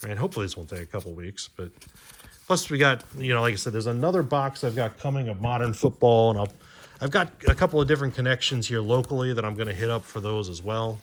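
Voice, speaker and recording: A man's voice: mid-range voice, fast talker, slight background noise. A man chatting loosely on his card-collecting channel, rambling with fillers and restarts as he sorts through old boxes. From Maryland, US. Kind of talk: casual chat while opening cards.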